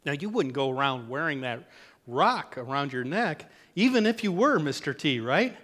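A man's voice: a little high, sing-song, moderate pace, a bit bright. Man preaching in a reverberant church hall. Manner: conversational with joking asides. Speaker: pastor. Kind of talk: sermon.

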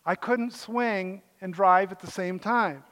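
High-voiced older man preaching in a hall. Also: slow, a bit bright. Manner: joking, conversational preaching with asides. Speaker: pastor. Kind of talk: sermon. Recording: echoey hall reverb.

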